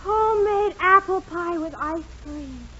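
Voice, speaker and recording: A woman's voice: extremely high pitch, animated, a little slow, a bit bright, slight background noise, full character voice. An actress playing a chatty, sweet teenage girl who gushes and talks over others, in 1940s radio comedy acting. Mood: gushing. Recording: dull 1940s radio broadcast.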